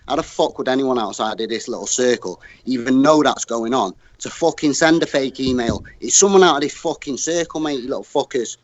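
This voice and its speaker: A man's voice: medium pitch, brisk, few pauses. Ranting British man on a dull line. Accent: British English. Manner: blunt, heavy swearing, ranting. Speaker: livestream guest. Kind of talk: casual livestream chat.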